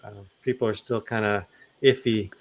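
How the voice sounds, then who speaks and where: A man's voice: on the low side, steady tone, normal speed. A man hosting a livestream, reading chat comments aloud with easy laughter.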